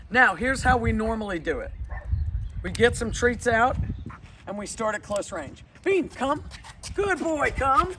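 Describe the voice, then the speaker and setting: Bright, high-voiced upbeat man dog trainer. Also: slight background noise. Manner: upbeat and encouraging, plain step-by-step explaining. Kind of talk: instructional talk to dog owners. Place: outdoors in a yard with a dog. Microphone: camera held by a helper.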